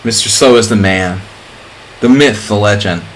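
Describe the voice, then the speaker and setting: A man's voice: lowish voice, moderate pace, slight background noise, rough recording. A middle-aged man streaming chess, chatting casually in a rambling way with lots of fillers. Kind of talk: casual live-stream chat.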